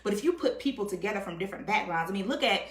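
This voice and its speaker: A woman guest in a casual conversation, talking in an animated way, acting out quotes and often checking in with "right?". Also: medium pitch, very fast, reverberant.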